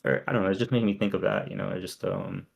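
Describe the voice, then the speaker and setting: A man co-hosting a podcast, talking through song lyrics in a halting, filler-heavy way. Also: low voice, steady tone, creaky, slight background noise. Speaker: podcast co-host. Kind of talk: casual chat, reading lyrics and chat comments.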